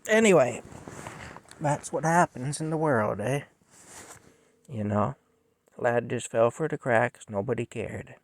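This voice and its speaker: A middle-aged man tells a personal story in a halting, rambling way that turns emotional. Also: mid-range voice, dry recording. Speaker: vlogger telling a personal story. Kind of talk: casual storytelling monologue.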